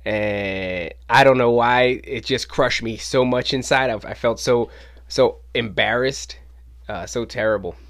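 A man hosting his own podcast, telling a casual story in an animated way and swearing freely. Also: mid-range voice, a little slow. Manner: animated, acts out quoted voices, swears casually. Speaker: podcast host. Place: home podcast studio.

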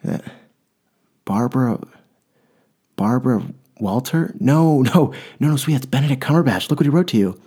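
An excited, doting mother coaxes her daughter in a raised, higher voice, as a man puts her on. Her tone stays mellow underneath, and she talks quickly and eagerly. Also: husky.

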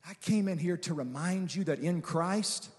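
Man, guest preacher, sermon, high voice, long church reverb, quiet asides to shouted proclamations, call-and-response. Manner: swings from quiet, conversational asides to shouted, drawn-out declarations; calls for congregation responses. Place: large church sanctuary with reverb.

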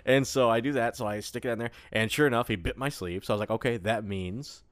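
A man's voice: mid-range voice, fast talker, fairly bright tone, no echo, clean studio sound. A man co-hosting a casual podcast chat, playful and laughing often as he acts out animal voices. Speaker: podcast co-host. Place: apartment room.

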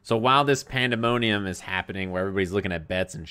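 A man playing a tabletop game, talking in a relaxed, slangy way. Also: deep voice, rapid-fire, hardly any pauses, clean tone, no room sound. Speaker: player. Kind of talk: casual tabletop play.

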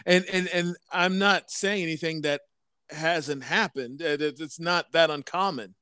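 A man in his thirties co-hosting a casual podcast, talking in halting, stop-start bursts. His voice sits a little high for a man, and it sounds close and dry on the mic, with almost no room around it. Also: bright, forceful tone, clean tone, no echo. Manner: halting, repeats words and restarts often. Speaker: podcast co-host.

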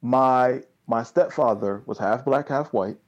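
A man's voice: mid-range voice, measured pace, lo-fi sound. A young man, telling stories in casual chat, full of slang and fillers. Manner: animated storytelling with street slang, lots of "like" and "dog".

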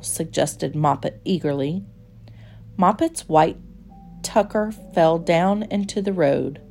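A woman reading a children's storybook aloud in a gentle, expressive, measured way. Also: fairly low pitch, vocal fry.

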